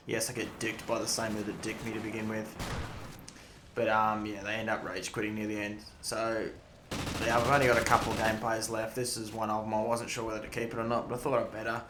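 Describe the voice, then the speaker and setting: Over loud in-game gunfire in an echoey room with background noise, a young gaming YouTuber rambles through stories and swears freely in casual commentary. He has a fairly low pitch, a completely flat delivery, and a slightly fast pace.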